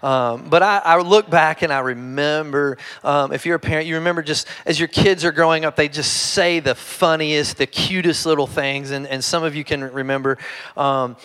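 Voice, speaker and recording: Chatty Kentucky pastor, slightly high voice. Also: male voice, steady tone, normal speed, clean tone. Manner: chatty and self-deprecating, with frequent restarts, softening to a hushed tone in prayer. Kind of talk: conversational sermon with humorous stories. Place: church service before a live congregation.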